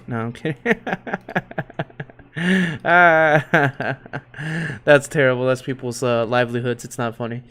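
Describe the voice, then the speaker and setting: A man hosting a casual livestream, reading out market moves in a loose, joking, profane, slangy way with hype shouts. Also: medium pitch, flat delivery, fast, hardly any pauses, smooth. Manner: hype shouts and laughs while reading tickers. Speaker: crypto livestream host.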